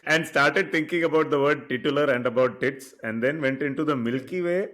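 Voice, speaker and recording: A podcast co-host with an Indian English accent and a fairly high, a-bit-bright voice speaks briskly on a casual show. He wryly sums up the running jokes, explaining them back in a dry way.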